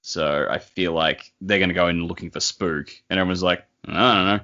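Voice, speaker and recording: Podcast co-host, man, very low bright voice, loose and jokey. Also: fairly quick, dull audio. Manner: joking, animated theorizing. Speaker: book club podcast co-host. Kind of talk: casual discussion.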